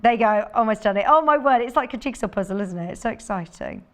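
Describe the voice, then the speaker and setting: A woman's voice: a little high, animated, fast. Chatty woman demonstrating sewing products. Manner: chatty and enthusiastic, thinking aloud while demonstrating. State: out of breath. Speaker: shopping channel presenter. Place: TV studio.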